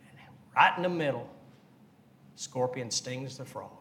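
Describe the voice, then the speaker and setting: A man's voice: medium pitch, lively intonation, a little slow, a bit bright. A man preaching a sermon, earnest and repetitive, asking the congregation questions. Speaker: pastor.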